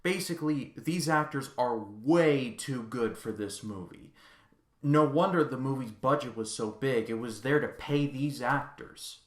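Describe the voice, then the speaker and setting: A man's voice: medium pitch, a bit bright. A man reviewing a film in a casual vlog, ranting in an exasperated, sarcastic way. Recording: echoey room.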